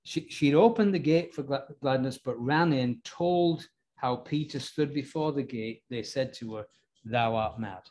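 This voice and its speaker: A man's voice: medium pitch, unhurried, a little mellow. A man preaching a Bible sermon in a chatty way, often asking his listeners questions. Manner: conversational, asks the congregation questions. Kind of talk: expository sermon.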